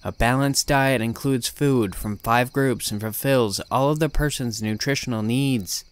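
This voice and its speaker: A man voicing a lifeless female prison nurse who answers in a flat, clinical monotone. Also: mid-range voice, unhurried, clear, resonant tone, dry recording, close to an everyday voice.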